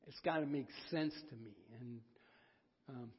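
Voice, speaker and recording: A man preaching a folksy, self-deprecating sermon, with halting restarts. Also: medium pitch, breathy edge. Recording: dull sound, long hall reverb.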